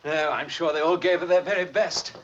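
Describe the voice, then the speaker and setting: An actor playing a polite, clipped RAF officer in old film audio. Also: male voice, fairly high pitch, fairly even intonation, brisk, a bit bright, close to an everyday voice. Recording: dull film soundtrack audio.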